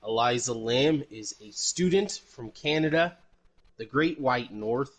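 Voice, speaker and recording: A man's voice: mid-range voice, lively intonation, measured pace. A man from El Paso hosting a podcast in casual, rambling chat, with jokes and swearing. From El Paso, Texas. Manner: rambling, profane, jokey. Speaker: podcast host.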